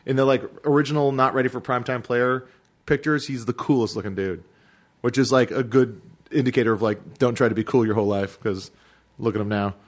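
A man co-hosting a podcast in casual chat, rambling and halting with lots of filler words. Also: medium pitch, fairly even intonation. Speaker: podcast co-host.

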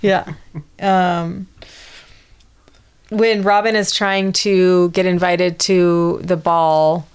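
Smooth-voiced woman chatting casually. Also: fairly low pitch, level tone, drawn-out words, long pauses. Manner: hesitant, many ums, easygoing. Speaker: podcast co-host. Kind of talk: casual TV recap chat.

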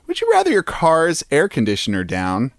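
A man's voice: a little high, wildly swooping pitch, normal speed, no room sound, clean studio sound. Playful mock-dramatic man. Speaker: podcast co-host. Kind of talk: casual comedic chat.

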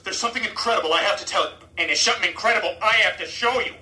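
Brash cartoon dad. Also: male voice, sits high, rapid-fire, bright, forceful tone. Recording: echoey clip played from afar.

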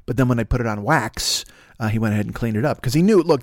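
A man hosting a podcast, riffing through a rambling comedic monologue in a profane, animated way, dropping into quick impressions. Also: mid-range voice, no room sound, studio quality. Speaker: podcast host.

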